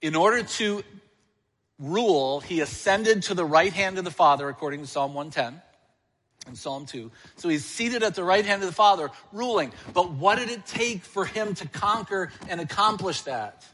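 A man's voice: sits high, expressive, normal speed, fairly bright tone, long reverb tail. A male church elder preaching a sermon, asking the congregation questions and answering them himself.

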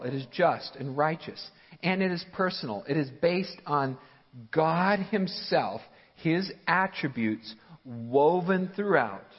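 Slow husky male preacher in a hall. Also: sits high. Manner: slow, emphatic preaching with rhetorical questions. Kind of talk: sermon. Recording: muffled sound with long hall reverb.

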